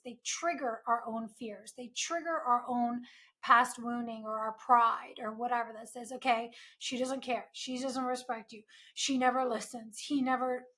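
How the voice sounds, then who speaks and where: A woman's voice: a little high, bright, forceful tone. A woman hosting an advice podcast, talking earnestly in a coaching tone with frequent rhetorical asides. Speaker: podcast host.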